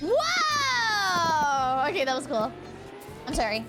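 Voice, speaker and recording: A woman streamer giving playful, excitable commentary while she plays a game, breaking into yelps and giggles. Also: high-pitched, slow, over music. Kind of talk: casual gameplay commentary.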